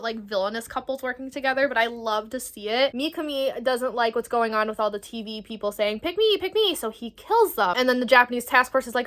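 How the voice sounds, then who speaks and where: Woman in her twenties, slightly high-pitched, casual rambling review, swears a lot, animated. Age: 20s. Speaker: book vlogger.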